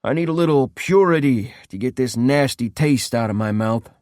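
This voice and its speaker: A male narrator voicing a cruel, drawling male gang leader who talks with mocking, menacing calm. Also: medium pitch, normal speed, dry recording, clean studio sound, lightly acted.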